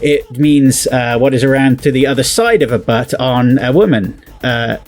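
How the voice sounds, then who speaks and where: A British man talks through slang in loose, rambling commentary, laughing as he goes. His voice sits at an ordinary mid pitch. Faint music plays underneath. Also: normal speed, darkish tone. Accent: British English. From England. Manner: chatty, rambling, laughs often, puts on quoted phrases. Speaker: game developer and video host. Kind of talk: casual reaction commentary.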